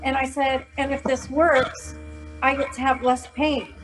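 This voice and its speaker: A woman in her fifties, a former corrections officer, telling personal stories in an animated, humorous way and acting out the voices of others. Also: high voice, a little slow, soft background music, rough recording. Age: 50s. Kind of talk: casual storytelling interview.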